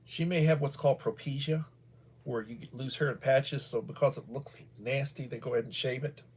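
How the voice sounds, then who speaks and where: Middle-aged us guy hosting a livestream, wanders off topic, um and you know everywhere, mid pitch. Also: steady tone, a little fast, slight background noise. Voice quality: bald. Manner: meandering, many fillers and restarts. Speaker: livestream host. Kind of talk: casual rambling commentary.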